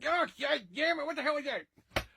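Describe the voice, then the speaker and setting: A man playing a friendly alternate-universe version of himself in a comedy sketch, with a high, sing-song delivery. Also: moderate pace, gravelly, bright, forceful tone, slight background noise, full character voice. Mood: pained.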